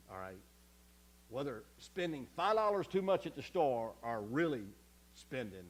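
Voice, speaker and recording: A man preaching a sermon as pastor, conversational, often checking in with the congregation, swinging from soft asides to loud emphatic scripture quotes. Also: mid-range voice. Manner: animated, conversational preaching with frequent check-ins.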